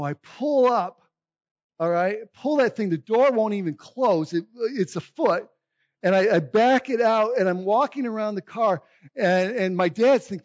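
A man with a fairly high voice preaches in an animated, meandering storytelling style. He circles back and restarts his lines, then jumps into loud, excited outbursts. The recording is close and dry, with a slightly muffled, dull tone. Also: a little slow, dry recording. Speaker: pastor. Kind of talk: humorous sermon storytelling.

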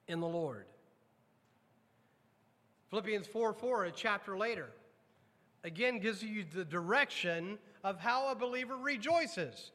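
A pastor preaching a sermon to his congregation, emphatic, questioning the room and dropping low and slow on weighty lines. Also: a bit bright, in a large hall. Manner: addresses congregation directly with repeated questions. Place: church sanctuary.

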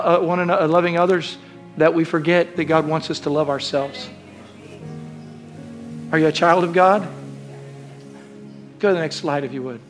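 High, bright-voiced man preaching. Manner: exhorting, building to shouted declarations. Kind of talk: sermon with call-and-response. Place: church sanctuary.

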